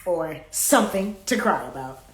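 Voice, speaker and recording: A woman with a fairly low voice and lively intonation speaks at normal speed as she hosts a live card game. She reads the questions aloud in a playful way and sings bits of songs, all in an echoey room.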